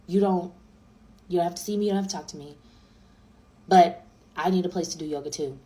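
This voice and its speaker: A calm, dismissive woman ex-partner who answers in a flat, matter-of-fact tone, as a storyteller puts her on. Her voice sits a little lower and quieter than everyday talk. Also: brisk, natural voice.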